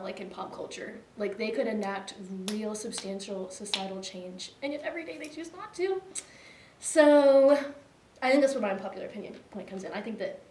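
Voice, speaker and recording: A woman's voice: mid-range voice, a little mellow, a little hiss or hum. A young woman co-hosting a casual chat show, rambling with lots of fillers and laughing easily. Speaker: co-host. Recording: echoey room, mic at a distance.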